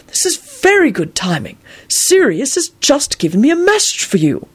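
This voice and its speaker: A woman voicing a kindly, absent-minded old wizard who talks slowly and rambles mildly. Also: high voice, huge pitch swings, voice pushed up. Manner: slow, rambling, mild.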